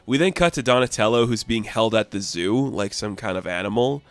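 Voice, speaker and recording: A man talking through a comic book review in an enthusiastic, chatty way, with quick plot recaps. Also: on the low side, soft background music.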